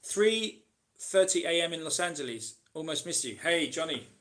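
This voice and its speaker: A man's voice: fairly high pitch, lively intonation, moderate pace, a bit bright. A man hosting a casual live question-and-answer stream, reading out viewers' comments and answering them in a rambling, chatty way full of ums and restarts.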